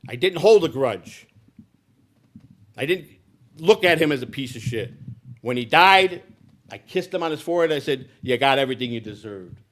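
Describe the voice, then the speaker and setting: A middle-aged man from the United States telling his life story bluntly and profanely, dropping to low mutters and then rising to loud outbursts. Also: animated, normal speed, long pauses. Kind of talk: raw personal storytelling.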